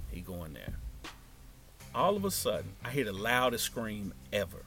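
A man telling a wild story from his past in casual, profane speech, dropping to a hush and then rising loud. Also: fairly low pitch, moderate pace, soft background music. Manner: animated, profane, swings from hushed to loud.

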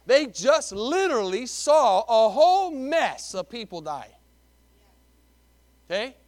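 High-pitched preacher. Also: male voice, big pitch swings, slow, no echo. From Texas. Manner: emphatic preaching, repeats words, swings between loud and hushed. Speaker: pastor. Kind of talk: sermon.

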